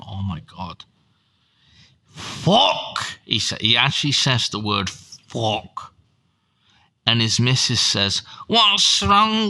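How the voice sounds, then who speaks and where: A man's voice: on the low side, creaky, pushed and bright. A man giving profane, sardonic reaction commentary as a YouTube host.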